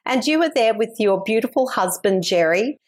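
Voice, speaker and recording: An Australian woman hosts a podcast interview in a chatty, casual way, telling stories and laughing often. Her voice is a little high with lively intonation, and she speaks at a normal speed.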